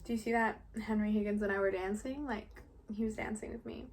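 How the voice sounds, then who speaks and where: Brief: giddy young woman who can't sleep from excitement, gushing, "like" every few words, played by a young woman in her own voice. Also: medium pitch, a little fast, slight background noise, close to an everyday voice. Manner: gushing, full of "like".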